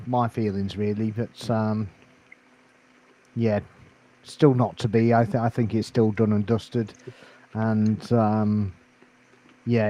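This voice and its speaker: A man co-hosting a casual football chat, measured and hesitant, with many fillers. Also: on the low side, mellow, poor audio.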